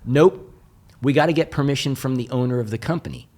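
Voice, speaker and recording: A man's voice: mid-range voice, brisk, a little mellow, natural voice. A man voicing a busy warehouse manager who answers in short, curt sentences.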